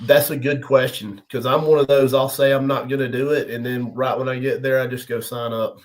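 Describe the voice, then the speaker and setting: On a rough recording, the same kind of relaxed podcast guest, a middle-aged arm wrestler, spins stories in a mid-range voice with little pitch movement and a slightly quick pace. Easy chuckles and frequent restarts run through his casual talk.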